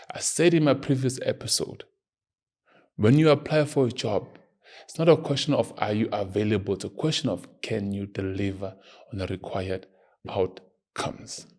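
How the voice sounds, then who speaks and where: A man's voice: fairly low pitch, a little mellow. A man hosting his own show, giving earnest, emphatic opinion commentary and arguing his point. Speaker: podcast host.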